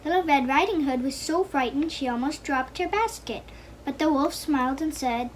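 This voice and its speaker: High-voiced woman reading a children's story. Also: normal speed, a little hiss or hum, poor audio. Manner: reads aloud with small slips.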